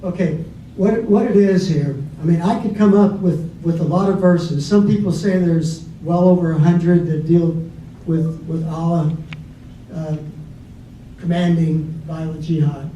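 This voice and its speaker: A man's voice: on the high side, fairly even intonation, unhurried, mellow. A man in a debate, speaking unscripted with many restarts and repeated words. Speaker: debate panelist. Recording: distant, roomy, dull with faint noise.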